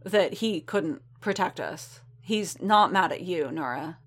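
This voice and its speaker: Brief: steady, reassuring armored warrior man, read by a woman in her own lowish voice. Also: takes it slowly. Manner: firm and reassuring.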